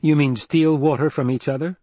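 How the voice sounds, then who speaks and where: A man's voice: a little high, steady tone, normal speed, dark tone, no room sound, voice pushed up, close to an everyday voice. A man voicing an earnest young heir. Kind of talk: audiobook character reading.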